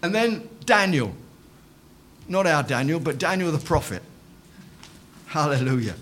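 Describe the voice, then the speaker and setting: Guy preaching in church, pretty high voice, keeps repeating himself for emphasis. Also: very animated, measured pace, fairly bright tone, slight background noise. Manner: emphatic, repeats phrases, calls out amen. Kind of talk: sermon.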